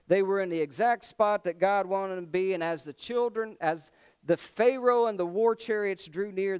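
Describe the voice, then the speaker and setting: Brief: male preacher, high and clear, conversational sermon. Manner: conversational, asks the congregation questions.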